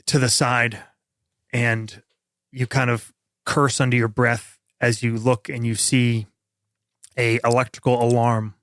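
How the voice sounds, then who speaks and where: A man narrating a tabletop horror game as game master, steady and descriptive with frequent fillers. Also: mid-range voice, clean tone, no echo, clean studio sound.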